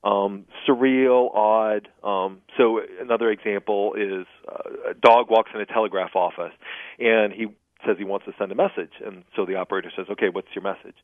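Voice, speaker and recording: A man being interviewed as a humor expert, explaining jokes in an animated way and laughing at his own punchlines, heard over a phone line. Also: lowish voice, normal speed, dry recording. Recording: dry, tinny phone line.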